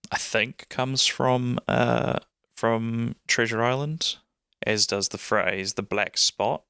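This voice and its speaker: A man's voice: fairly low pitch, creaky, pushed and bright, dry recording, clean studio sound. A man with a New Zealand accent hosting a podcast, chatting in a rambling, enthusiastic way with plenty of fillers. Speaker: podcast host. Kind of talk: casual chat.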